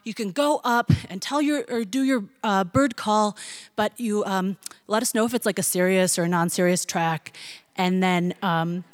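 A young woman telling a funny personal story to an audience, animated and laughing, mimicking excited voices. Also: medium pitch, normal speed, no echo.

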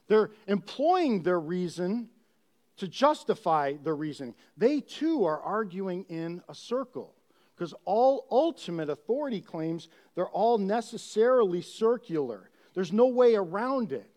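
A man preaching a sermon. He keeps asking rhetorical questions and talks in an animated way. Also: high voice, a little slow. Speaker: pastor.

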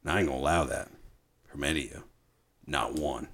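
A man putting on the voice of a bitter, world-weary male army sergeant in a low muttered drawl. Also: fairly quick, gravelly, fairly bright tone, full character voice.

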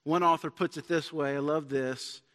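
A man's voice: a little high, steady tone, normal speed, a bit bright, smooth. A man preaching a sermon as pastor in a church, earnest and building to emphatic points. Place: church sanctuary. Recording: long church hall reverb.

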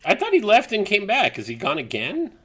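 A man's voice: high voice, huge pitch swings, brisk, a bit bright, breathy edge. A man co-hosting a casual podcast chat, joking and teasing. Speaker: podcast co-host.

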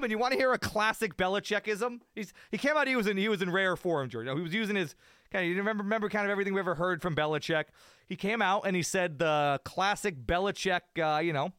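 Animated high-voiced man ranting about sports. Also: smooth, no room sound, clean studio sound. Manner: animated, rambling, self-mocking rants. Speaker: podcast co-host. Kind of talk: casual sports talk.

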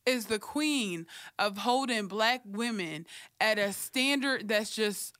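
Bright-voiced young woman, frank chat. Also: mid-range voice, takes it slowly, no echo, studio quality. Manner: frank, profane, laughing often. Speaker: podcast co-host. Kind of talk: casual chat.

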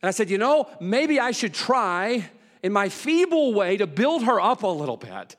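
Folksy preacher man in a reverberant hall. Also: moderate pace. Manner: swings from loud excited storytelling to low hushed emphasis; folksy, humorous, colloquial. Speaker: pastor. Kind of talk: sermon with storytelling.

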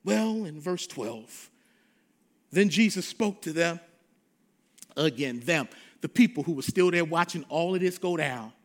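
A man preaching a sermon as a pastor, swinging between shouted declarations and hushed, confiding asides, with a repetitive preaching cadence. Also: a little high, expressive, a little slow.

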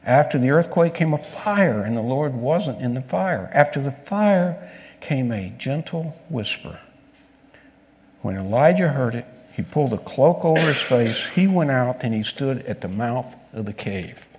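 A man's voice: mid-range voice, expressive, unhurried, darkish tone. A man preaching a conversational sermon, telling a story and asking his listeners questions. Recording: long reverb of a large hall.

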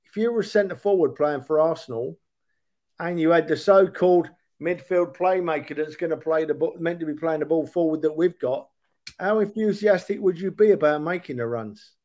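High-voiced man arguing devil's advocate. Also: moderate pace, darkish tone. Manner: argumentative, poses long rhetorical questions. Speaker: podcast co-host. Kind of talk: casual football chat.

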